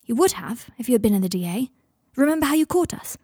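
A woman reading fiction aloud, voicing a giddy young man who is high at a party, with eager, breathless questions. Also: lively intonation, fast talker, mellow, breathy edge, no echo, clean studio sound.

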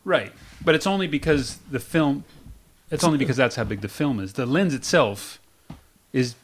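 A man's voice: mid-range voice, animated, normal speed, slight background noise. Opinionated man chatting on a podcast. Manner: opinionated, explaining. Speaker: podcast co-host. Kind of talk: casual chat.

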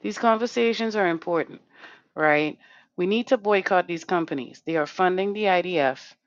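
An emphatic woman hosts a live online talk show, her voice lowish and forceful. She swears freely and keeps tagging her points with "right?". The sound is muffled and dry. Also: moderate pace, no room sound. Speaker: host.

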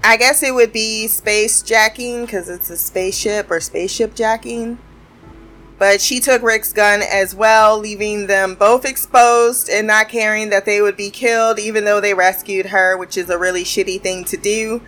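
A woman's voice: medium pitch, steady tone, normal speed, a bit bright, faint music behind. A woman giving a casual, chatty recap of a cartoon episode, swearing freely and laughing often.

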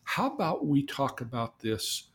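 A man's voice: mid-range voice, lively intonation, measured pace, a bit bright. A man doing a flustered old grandpa. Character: older grandfather farmer, flustered and kindly.

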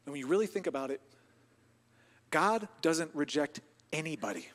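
A man pastor preaching a sermon with passion, dropping to near a whisper and then rising to loud emphasis. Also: on the high side, lively intonation, moderate pace. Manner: impassioned, swings from hushed to loud. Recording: long reverb of a large hall.

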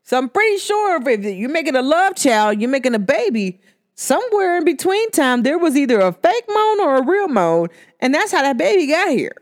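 A young adult woman hosting her own podcast, talking casually and sassily, laughing often and swinging between high and low tones. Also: very animated, moderate pace. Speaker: podcast host. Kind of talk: casual solo podcast monologue.

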